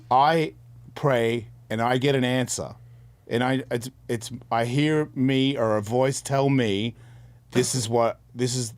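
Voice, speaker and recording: A man's voice: medium pitch, no room sound. A middle-aged man telling a personal story candidly on a podcast, in earnest, rambling, casual talk. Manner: repeats and restarts words mid-sentence. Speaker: podcast co-host.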